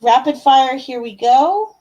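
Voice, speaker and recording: A woman's voice: high-pitched, lively intonation, a little slow, darkish tone, highs cut off. A young woman giving casual tarot readings on a live stream, chatty and full of fillers, calling viewers love and my dear. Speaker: livestream tarot reader.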